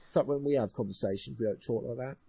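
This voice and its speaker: A man's voice: mid-range voice, quick pace, vocal fry, warm tone, breathy edge. A young man co-hosting a podcast, ranting and mocking in casual chat, swearing often. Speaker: podcast co-host.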